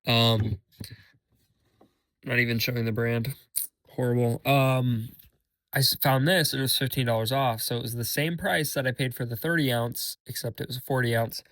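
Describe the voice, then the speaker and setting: Sick, hoarse young man rambling. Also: mid-range voice, steady tone, moderate pace, fairly bright tone, dry recording. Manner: rambling, self-deprecating, filler-heavy. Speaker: podcast host. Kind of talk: casual solo podcast chat.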